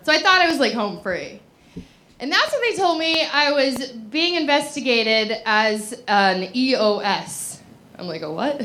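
A high-voiced woman tells a comic story to a live audience, bubbly and breathless. She keeps laughing between lines and acts out her own past thoughts. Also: very animated, measured pace, pushed and bright, slight background noise. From Los Angeles. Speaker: comedic storyteller.

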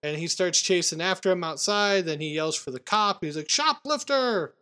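A man hosting a casual podcast, retelling movie scenes with animated quoted lines. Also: fairly high pitch, fairly quick, smooth. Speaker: podcast host recapping a film. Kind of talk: casual chat.

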